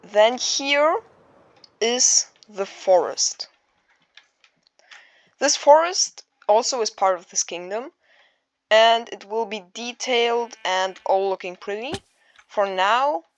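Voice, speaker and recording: Unhurried woman narrating a game map tour, hesitant and full of fillers, dry close sound. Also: mid-range voice, no echo. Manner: halting, searches for words, many fillers. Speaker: Minecraft builder giving a map tour. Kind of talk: casual narrated build tour.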